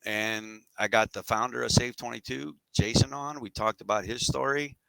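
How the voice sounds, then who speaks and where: A man's voice: mid-range voice, fairly even intonation, normal speed, gravelly, bright, forceful tone, smooth, no room sound, poor audio. A middle-aged man telling his story as a podcast guest, candid and rambling with casual slang.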